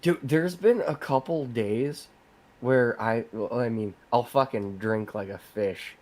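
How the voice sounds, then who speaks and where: A man's voice: medium pitch, slow, a little mellow. A man co-hosting a casual podcast who rambles and swears casually as he jokes. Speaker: podcast co-host.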